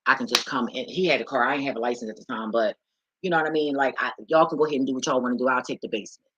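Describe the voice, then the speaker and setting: Young woman, AAVE speech, profane candid vlog rant, husky tone, dry close sound. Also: extremely low pitch, rapid-fire, no echo, dull audio. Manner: profane, blunt, animated storytelling. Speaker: vlogger.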